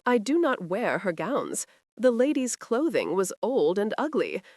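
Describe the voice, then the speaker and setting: A woman's voice: medium pitch, big pitch swings, measured pace, darkish tone, dry recording, studio quality. A woman voicing a brazen, sly young serving woman who speaks dismissively.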